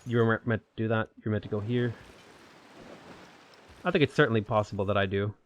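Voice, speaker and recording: A man commentating his own strategy gameplay live, chatting and answering viewer questions with sudden bursts of excitement. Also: on the low side, fairly quick, muffled recording, a little hiss or hum. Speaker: game streamer.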